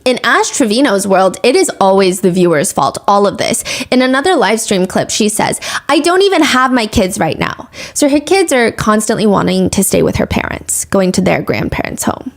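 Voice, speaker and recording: A woman's voice: medium pitch, moderate pace, vocal fry, few pauses. Opinionated woman podcast host. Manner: conversational, opinionated, animated. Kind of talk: true-crime storytelling podcast.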